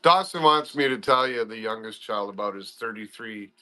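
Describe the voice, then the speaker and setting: Chatty guy in his 50s from southern wisconsin, bright tense voice, rambly, on a video call. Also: on the low side, animated, moderate pace. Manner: chatty, rambling, self-deprecating. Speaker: guest. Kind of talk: casual live-stream chat.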